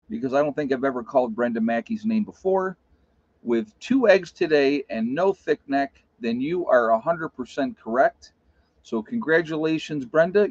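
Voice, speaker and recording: A man's voice: medium pitch, no room sound. A plain-spoken man chats on his live stream, telling stories and saying things just as he sees them. His voice sits in a middle register. The recording is dry and close, with a muffled, lo-fi quality. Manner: blunt, plain-spoken storyteller. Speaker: live-stream host reading chat. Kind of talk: casual live-stream chat. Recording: dull lo-fi sound.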